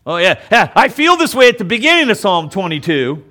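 A man's voice: high voice, big pitch swings, brisk, few pauses, bright, forceful tone. A male pastor preaching a sermon in an emphatic, conversational way. He often stops to check in with the listeners.

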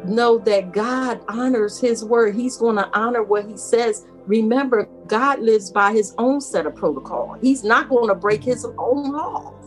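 Emphatic woman preaching over soft music. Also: fairly high pitch, measured pace, few pauses. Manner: emphatic, quotes scripture from memory, repeats key words. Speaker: aunt giving spiritual advice. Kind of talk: faith talk, preaching.

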